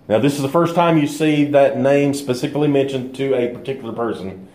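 A man giving a Bible lesson at an easy, halting pace, stopping often to search for words. His voice sits at an ordinary middle pitch. The sound carries a roomy echo. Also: a little mellow. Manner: unhurried, halting, many filler pauses. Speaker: Bible teacher. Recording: echoey room.

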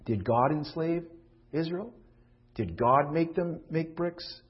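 A middle-aged man preaching a sermon as a pastor, moving from loud pleading questions to hushed, confiding tones. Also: on the high side, lively intonation, takes it slowly. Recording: dull lo-fi recording.

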